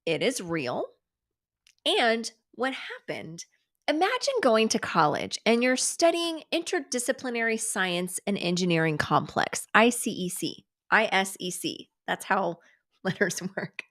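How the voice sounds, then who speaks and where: A middle-aged woman hosting a casual livestream, sarcastic and animated, swearing freely and dropping to whispers for asides. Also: mid-range voice, unhurried. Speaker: livestream host. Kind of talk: casual chat.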